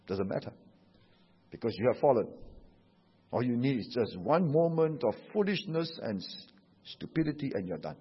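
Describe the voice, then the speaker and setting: A Singaporean pastor preaching a sermon, telling stories in an animated way and tagging his sentences with "huh?" and "you know". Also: mid-range voice, normal speed, slightly rough. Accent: Singaporean English. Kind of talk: sermon with anecdotes. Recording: dull echoey hall recording.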